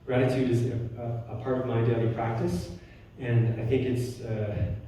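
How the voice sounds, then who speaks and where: A man giving a spiritual talk as a guest speaker, telling personal stories warmly, with frequent restarts and soft laughs. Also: mid-range voice, level tone, normal speed, slight background noise. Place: church hall. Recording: roomy hall from far off.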